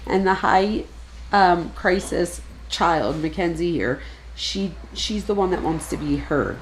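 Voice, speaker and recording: A woman's voice: on the low side, slow, slight background noise. A woman giving casual, analytical true crime commentary, chatting freely and lifting her voice when she quotes people.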